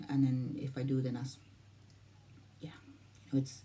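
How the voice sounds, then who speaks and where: A woman's voice: rumbling low, monotone, normal speed, warm tone. A Welsh woman in her forties talking casually to camera, rambling, repeating herself and losing her thread. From Wales. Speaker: vlogger. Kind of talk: casual vlog talk to camera.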